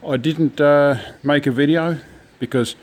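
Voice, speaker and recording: A man's voice: on the high side, fairly even intonation, unhurried. Rambling man showing DIY tools. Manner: rambling, many ums and restarts. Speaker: home DIYer. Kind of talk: casual DIY walkthrough.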